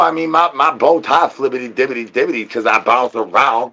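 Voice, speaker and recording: A man's voice: medium pitch, a little fast, sharp tone, breathy edge. A man streaming live, rambling in goofy slang with sing-song nonsense rhymes. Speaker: livestreamer. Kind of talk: rambling livestream chat.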